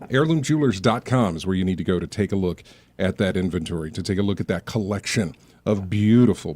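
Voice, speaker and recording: A man's voice: medium pitch, a little mellow. A male radio talk host reading a sponsor spot live in a loose, conversational way, with plenty of uh and you know.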